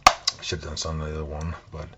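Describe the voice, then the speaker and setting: A man talking through his video game collection in a relaxed, soft-spoken way, thinking aloud as he goes, at home. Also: extremely low pitch, quick pace, heavy background noise.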